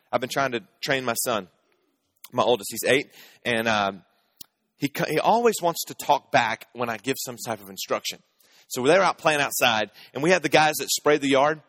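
A male pastor in his thirties preaches with a chatty, humorous storytelling manner, often putting questions to his listeners. His voice sits at a middle pitch and is recorded dry and close. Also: animated, normal speed, fairly bright tone, no room sound. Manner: conversational storytelling, humorous, asks the audience. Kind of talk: sermon.

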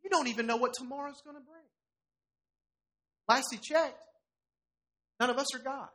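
A middle-aged man preaching a sermon to a congregation in a church, animated and challenging as he voices scripture. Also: very high-pitched, moderate pace. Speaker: pastor.

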